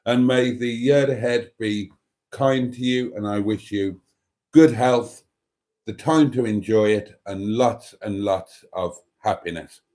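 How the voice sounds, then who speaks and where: A man's voice: fairly low pitch, slow, dark tone. An older Welsh man hosting a casual live stream, theatrical and chatty, calling his viewers darlings. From Wales. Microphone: microphone and tablet.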